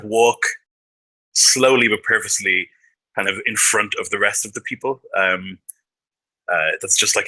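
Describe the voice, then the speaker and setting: A man's voice: on the low side, bright, forceful tone, breathy edge, low-quality recording. A man playing a tabletop game, describing his character hesitantly, full of ums. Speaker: player. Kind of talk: tabletop role-play.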